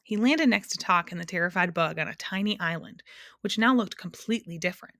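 A woman narrating a storybook aloud, expressive and lingering over words. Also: fairly low pitch, fairly quick, no room sound, studio quality. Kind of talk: audiobook narration.

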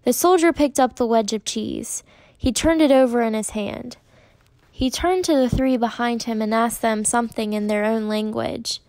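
A woman narrating a children's novel in a measured, steady reading. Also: a little high, dry recording. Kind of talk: audiobook narration.

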